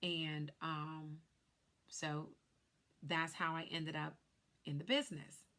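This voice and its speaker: A woman's voice: low voice, level tone, takes it slowly, pushed and bright. A woman who works as a life insurance agent, casually telling viewers her personal story in a chatty vlog. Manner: chatty, speaks straight to viewers.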